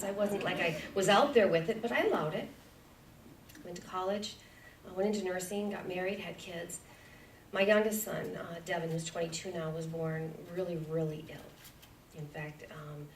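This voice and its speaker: A woman in her forties giving a heartfelt personal testimony as a guest speaker in a church, earnest and sometimes dropping to a soft whisper. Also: sits low, slight background noise. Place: church sanctuary. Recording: echoey church hall from far off.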